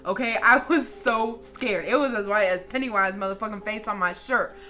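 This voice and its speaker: A woman in her late twenties telling a story in a casual, animated vlog style, with lots of profanity and dramatic flair. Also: mid-range voice, normal speed, soft background music. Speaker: vlogger.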